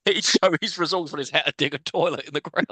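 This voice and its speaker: A man's voice: a little high, sharp tone, breathy edge, no room sound. A man co-hosting a podcast, recapping a TV episode in a wry, laughing, chatty way. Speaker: podcast co-host.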